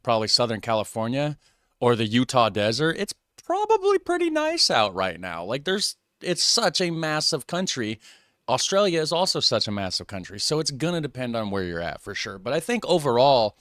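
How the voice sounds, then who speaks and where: An American man in a casual, rambling reaction-video commentary, often poking fun at himself. His voice sits at a middle pitch and is recorded close and dry, with no room sound. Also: fairly bright tone, no room sound. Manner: self-deprecating, rambling.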